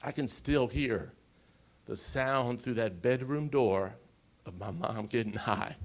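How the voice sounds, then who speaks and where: A man in his forties tells a personal story from a conference stage. He speaks slowly and with emotion, pausing often and turning to the audience with quick asides. His voice sits at an ordinary middle pitch. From United States. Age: 40s.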